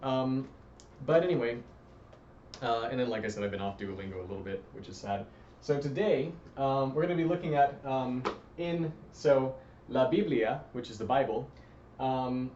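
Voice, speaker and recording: A man teaching a casual Spanish lesson, rambling with fillers and slowing down to read passages carefully. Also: mid-range voice, a little mellow, a little hiss or hum. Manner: rambling, with many fillers, slows to careful deliberate reading. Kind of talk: casual home lesson with read-aloud practice. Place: room at home with a fan running. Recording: roomy, distant, slightly dull home recording.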